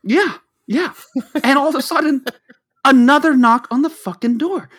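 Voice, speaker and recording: A man's voice: very high voice, normal speed, a bit bright. A man telling a story in casual chat, rambling and swearing, stumbling over his words and restarting often. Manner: rambling, profane, stammers and restarts.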